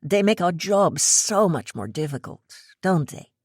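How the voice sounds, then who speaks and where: A woman playing a poised, self-assured woman who hosts a podcast, low in pitch and unhurried. She talks in a measured, composed way, recorded dry and close for an audiobook. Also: animated, darkish tone, husky, dry recording, full character voice. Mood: cool composed.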